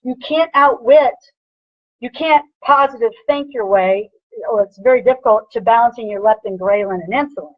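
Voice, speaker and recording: A woman personal trainer giving an energetic motivational lecture, punchy and repetitive, with a husky voice. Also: on the high side, normal speed, no room sound, muffled recording. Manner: energetic, punchy, repeats "bam" and "right?".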